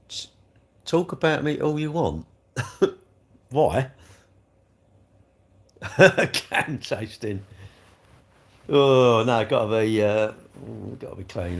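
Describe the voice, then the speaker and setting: A man's voice: mid-range voice, animated, slow, creaky, pauses often. A man, hosting a live stream and rambling jokily as he answers viewers' comments. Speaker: livestream host reading chat. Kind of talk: casual live chat.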